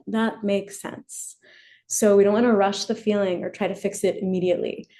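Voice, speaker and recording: Mellow-voiced woman presenting a webinar. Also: medium pitch, fairly even intonation, moderate pace. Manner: gentle, explanatory, models example phrases. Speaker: educational therapist.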